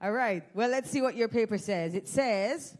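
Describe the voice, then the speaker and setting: A woman's voice: a little high, normal speed, darkish tone. A woman with a Jamaican accent hosting an audience giveaway on a handheld mic in an event hall, playful and teasing. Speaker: event host. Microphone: handheld microphone.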